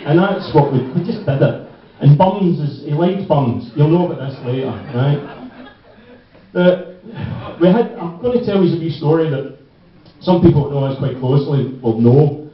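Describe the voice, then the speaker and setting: A man's voice: fairly high pitch, lively intonation, normal speed. A man with a Glaswegian Scottish accent telling a rambling, laugh-filled anecdote as a tribute speech to a friend at a party. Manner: rambling, often breaking into laughter. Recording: echoey hall, distant dull mic.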